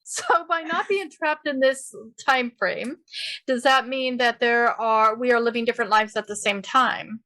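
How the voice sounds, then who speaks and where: A woman hosting a podcast, telling stories in an animated, laughing way. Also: a little high, unhurried. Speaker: podcast host. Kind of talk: casual interview chat.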